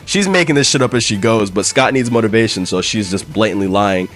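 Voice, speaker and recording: A man's voice: lowish voice, brisk, a bit bright, faint music behind. A man recapping a story in a casual, slangy, profane way. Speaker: comic book summarizer.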